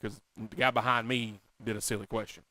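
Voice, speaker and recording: A man hosting a casual talk show, telling a story in an animated, excitable, self-mocking way. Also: fairly low pitch, fairly quick, no room sound. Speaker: podcast host.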